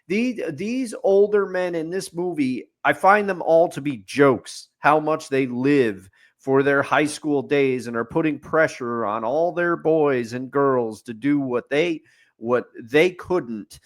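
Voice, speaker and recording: A man's voice: on the high side, slow. A man co-hosting a podcast, giving a casual, opinionated movie review and ticking off his points like a running list. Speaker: podcast co-host.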